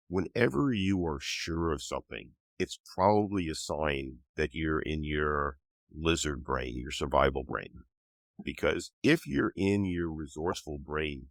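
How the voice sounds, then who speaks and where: Older guy with a cold, super deep voice, calm teacher-ish explaining, dry sound. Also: dry recording. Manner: patient, teaching tone. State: has a cold. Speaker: author and guest. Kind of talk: explanatory interview talk.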